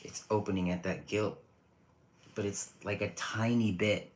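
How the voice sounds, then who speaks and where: Low-voiced chatty man giving readings. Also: fairly even intonation, unhurried, rough recording. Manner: chatty, rambling, restarts often. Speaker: tarot reader. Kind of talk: casual livestream reading.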